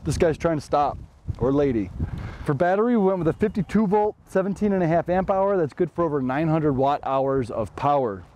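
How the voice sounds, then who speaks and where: A man's voice: on the high side, animated, fairly quick, warm tone, slight background noise. A man from Chicago hosting his own channel, chatting casually and jokingly as he walks through a custom bike build. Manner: joking, chatty, playful asides. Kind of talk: casual product walkthrough vlog.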